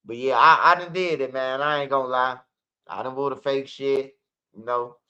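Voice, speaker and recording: A man's voice: medium pitch, steady tone, normal speed, sharp tone, clean tone. A man telling a story casually, full of profanity and acted-out quotes, as a channel host. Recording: dull lo-fi recording.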